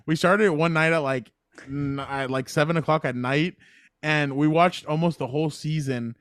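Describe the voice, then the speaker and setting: On this podcast, a Latino American co-host in his thirties chats casually, rambling and laughing easily. His voice runs on the high side, steady and a bit bright at a normal speed, captured studio quality with no room sound.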